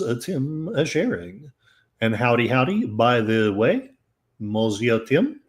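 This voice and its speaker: A man hosting a podcast, reading news articles aloud with sarcastic, rambling asides. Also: mid-range voice. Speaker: podcast host. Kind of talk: casual commentary while reading news aloud.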